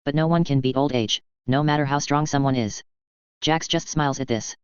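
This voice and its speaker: A man narrating a fan-fiction audiobook in an even, plain reading voice. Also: fairly high pitch, a little fast, clear, resonant tone, dry recording. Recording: dull, dry lo-fi sound.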